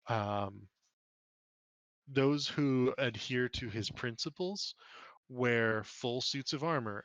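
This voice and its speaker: A man narrating a tabletop game as the dungeon master, relaxed and full of ums and uhs. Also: fairly low pitch, dry recording, poor audio.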